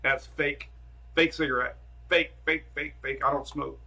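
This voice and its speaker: A man's voice: a little high, steady tone, unhurried, sharp tone, a little hiss or hum. A man hosting a casual weather live stream from home on his phone camera, rambling and chatty as he talks to viewers and his dogs.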